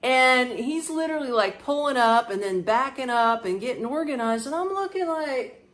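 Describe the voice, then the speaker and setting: A woman hosting a podcast, telling a personal story in a casual, animated way, laughing often and imitating sounds. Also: sits high, normal speed. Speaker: podcast host.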